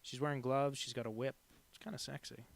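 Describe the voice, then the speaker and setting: A man streaming live as a cartoonist, chatting casually while he draws and rambling through deadpan jokes. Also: medium pitch, fairly quick, gravelly.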